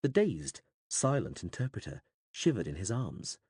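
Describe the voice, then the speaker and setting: A man narrates an audiobook with a lower-pitched, husky voice that swings widely in pitch as he tells the story. His delivery is dramatic and expressive. The recording is dry and close, with no room sound. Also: moderate pace, no echo. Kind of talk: scripted narration.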